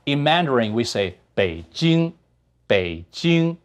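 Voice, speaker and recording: A man whose first language is Chinese, teaching a music lesson and speaking slowly and deliberately, with sung and hummed examples. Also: medium pitch, very animated. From China. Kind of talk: talking-head music lesson.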